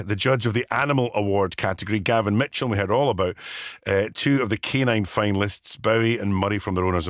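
A man's voice: medium pitch, no room sound, studio quality. A Scottish man presenting an afternoon radio show, chatting and telling little stories between items. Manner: chatty, storytelling with little asides. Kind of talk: casual radio chat.

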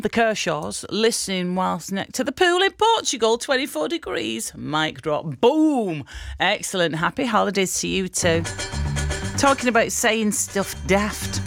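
Chatty woman radio host, music behind. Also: medium pitch. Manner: chatty, self-mocking, playful. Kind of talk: radio chat, reading listener messages. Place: radio studio.

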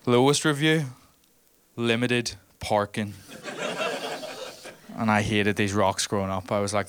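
A man's voice: fairly low pitch, fairly even intonation, measured pace, pauses often, background noise. A man with a Northern Irish accent doing a stand-up comedy set, punchy and teasing the audience. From Northern Ireland.

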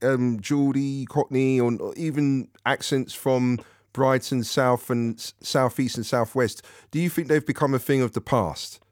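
A man's voice: mid-range voice, steady tone, a little slow, a little mellow, dry recording, studio quality. A man hosting a radio phone-in, chatting casually and a little hesitantly with the caller. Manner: friendly, hesitant with fillers.

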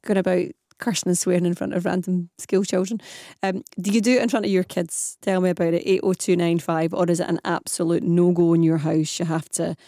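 A woman's voice: on the low side, flat delivery, brisk, warm tone, no echo, studio quality. A woman with a Scottish accent hosting a radio phone-in, chatty and casual, reading out listener messages. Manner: chatty, says um often.

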